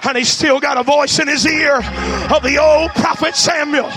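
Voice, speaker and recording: A preacher with an Alabama accent, preaching a fervent sermon in shouted storytelling. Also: male voice, extremely high pitch, fairly even intonation, moderate pace. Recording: music playing behind.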